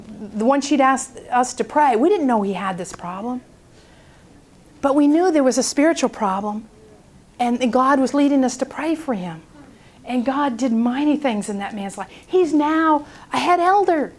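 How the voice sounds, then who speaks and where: A woman speaking at a prayer seminar, telling a story in an animated way and acting out its people. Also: sits high, moderate pace.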